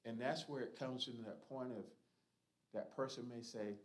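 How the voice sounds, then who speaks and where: A man's voice: medium pitch, fairly even intonation, moderate pace, low-quality recording. Earnest man leading a Bible study. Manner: earnest, emphatic, conversational preaching. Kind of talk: church Bible study teaching.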